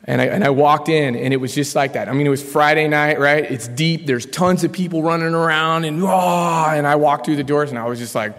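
A man in his thirties from Colorado sharing his personal story from a podium, casual and animated with slang. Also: on the high side, fairly quick, few pauses. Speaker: speaker sharing his story at a recovery meeting. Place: large conference hall. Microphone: podium mic. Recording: long hall reverb.

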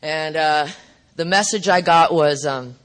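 A middle-aged woman speaking at a recovery meeting, telling her story bluntly and profanely with animated asides. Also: deep voice, a little slow.

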